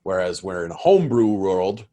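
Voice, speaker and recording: Low-voiced American game master. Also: male voice, big pitch swings, a little fast, mellow. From United States. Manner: explanatory, rambling with restarts. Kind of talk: casual podcast chat.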